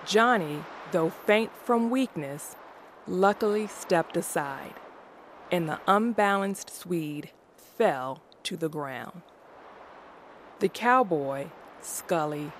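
A woman narrates a classic story very slowly and deliberately, her voice sitting a little low. A faint hiss lies under the recording. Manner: slow and deliberate. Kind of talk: audiobook reading of a classic story.

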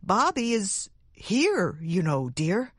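A woman voicing a gentle, worried husband who coaxes softly. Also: mid-range voice, big pitch swings, takes it slowly, dry recording, clean studio sound. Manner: soft, coaxing.

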